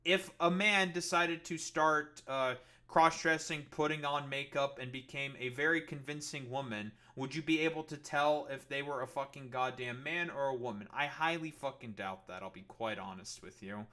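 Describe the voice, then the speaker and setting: A man's voice: mid-range voice, moderate pace, hardly any pauses, pushed and bright. A man streaming live, arguing with his chat in a profane, combative and mocking way. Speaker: political streamer. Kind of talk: livestream argument with chat.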